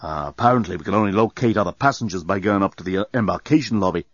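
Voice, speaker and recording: A man's voice: deep voice, rapid-fire, no room sound. A man as an easygoing young man, hesitant. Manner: slightly hesitant, repeats words. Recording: dull, muffled sound.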